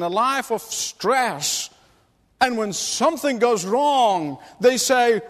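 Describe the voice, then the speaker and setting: A man's voice: sits high, sing-song, slow, long reverb tail. A male pastor preaching a sermon, telling a story and then building to emphatic, rising appeals.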